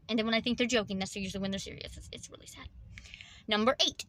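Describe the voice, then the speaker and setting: A woman vlogger fondly counting down memories of her dog in a halting, rambling way with many restarts. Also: mid-range voice, steady tone, a bit bright. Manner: fond, reminiscing about her dog. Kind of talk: casual countdown vlog.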